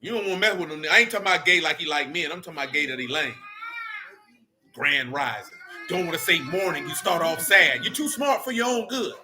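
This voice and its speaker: High, bright-voiced man leading Bible study. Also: animated, quick pace, few pauses, faint music behind. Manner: blunt, slangy, preachy rants. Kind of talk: casual Bible study teaching.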